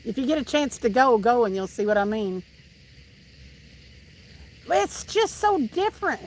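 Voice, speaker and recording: A woman's voice: on the high side, big pitch swings, unhurried, low-quality recording. A woman with a Southern Tennessee accent, hosting a live stream and chatting with viewers while she fishes outdoors by the water. She talks in a chatty, laughing way and often restarts her sentences. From Tennessee, USA. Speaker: livestream host reading chat. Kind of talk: casual chat with live viewers.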